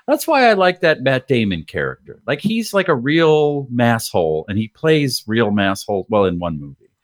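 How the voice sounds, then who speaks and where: A man in casual podcast chat, animated and jokey, swearing freely. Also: medium pitch, moderate pace, no echo, studio quality.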